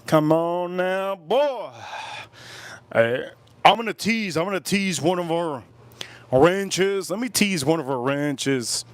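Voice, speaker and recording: A man's voice: high voice, slow, dry recording. A man hosting a casual livestream while drinking, rambling, repeating himself, and cracking crude jokes. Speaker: livestream host.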